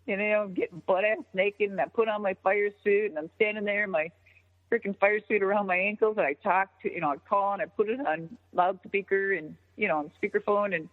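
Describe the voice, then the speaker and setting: A woman in her fifties, a guest in a phone interview, telling a story in an animated, profane way and acting out the dialogue. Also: mid-range voice, a little fast. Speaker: interview guest, former wrestler. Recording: tinny phone line with long reverb.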